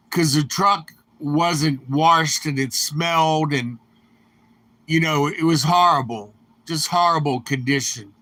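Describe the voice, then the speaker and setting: A man's voice: a little high, bright, forceful tone, no echo. An older man telling rambling, anecdotal stories in his own voice. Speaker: storyteller. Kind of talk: rambling storytelling.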